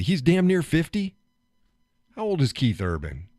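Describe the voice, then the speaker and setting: A man's voice: fairly high pitch, huge pitch swings, unhurried, darkish tone, no room sound. A man hosting a live stream, chatting casually, joking, laughing often and getting worked up as he rants.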